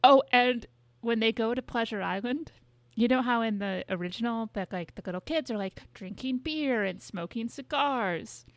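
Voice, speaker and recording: A young woman co-hosts a podcast with a slightly high, chatty voice. She rambles casually, leans on fillers and swears now and then. The sound is dry and close. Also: normal speed, no room sound. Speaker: podcast co-host. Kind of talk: casual chat.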